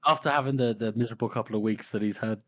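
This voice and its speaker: A man's voice: on the low side, steady tone, very fast, a bit bright, no echo, clean studio sound. A man co-hosting a book podcast, chatting casually with hedging asides. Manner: rambling, hedging with "you know" and "I reckon". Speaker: podcast co-host.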